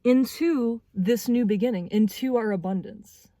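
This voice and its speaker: A young woman in her twenties giving a spiritual tarot reading, speaking earnestly and haltingly as she searches for words. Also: on the high side, dark tone, dry recording. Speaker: tarot reader.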